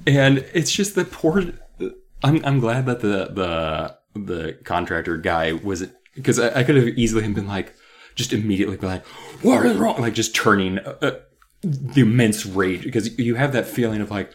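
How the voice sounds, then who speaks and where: A man with a low voice that swings widely as he talks, co-hosting a casual podcast about a book. He keeps breaking into quick, high-pitched impressions of the characters he describes. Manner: animated, acts out characters in jumpy high voices. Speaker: podcast co-host.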